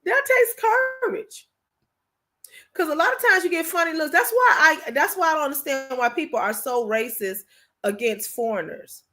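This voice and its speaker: A woman's voice: high-pitched, lively intonation, moderate pace, bright, forceful tone. A woman hosting a livestream, giving an informal motivational talk straight to her viewers, emphatic and repetitive as she drives her points home. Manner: emphatic and repetitive, often asking "you understand what I'm saying?"; informal, conversational, addressing viewers directly. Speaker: livestream host.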